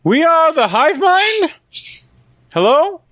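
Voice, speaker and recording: A man's voice: extremely high pitch, big pitch swings, slow, a bit bright, no room sound, pitched above the performer's own voice, heavily acted. A man voicing a fussy, formal adventurer in a tabletop game. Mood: prim. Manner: formal, prim, easily offended. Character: fussy polite adventurer Lou, pompous, prim. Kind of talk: tabletop role-play.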